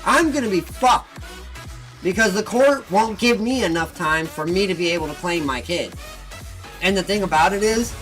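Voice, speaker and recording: A man hosting a gaming channel, ranting heatedly and with lots of swearing about his personal troubles, flipping between bitter muttering and loud outbursts. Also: high-pitched, poor audio. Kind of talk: venting casual rant. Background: faint background music.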